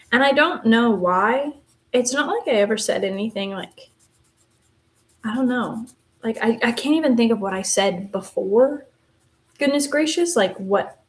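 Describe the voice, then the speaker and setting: A woman in her twenties with a West Texan accent, chatting casually and rambling through asides while she colors on a live stream. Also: a little high. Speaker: live streamer, university theater student.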